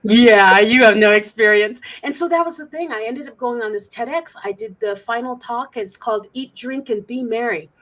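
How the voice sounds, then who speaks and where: A woman's voice: a little high, normal speed, few pauses, fairly bright tone. A middle-aged woman, a guest on an interview show, candidly recounting a personal story with frequent restarts. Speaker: guest speaker.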